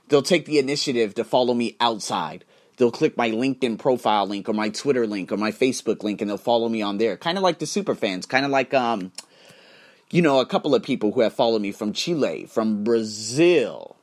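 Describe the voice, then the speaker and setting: A man hosting his own vlog and podcast, ranting casually, blunt and animated, swearing freely. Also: mid-range voice. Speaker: YouTuber and podcast host.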